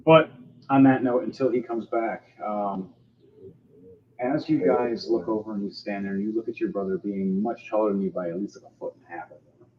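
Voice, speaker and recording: A man running a tabletop game online as game master, describing scenes in a relaxed way with filler words. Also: on the low side, fairly quick, slight background noise. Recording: dull lo-fi sound with loud music behind.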